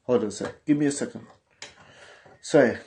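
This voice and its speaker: A man's voice: medium pitch, normal speed, mellow. A man with a London accent, hosting a casual livestream, talking in street slang and reading out viewer messages. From England. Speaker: livestream host.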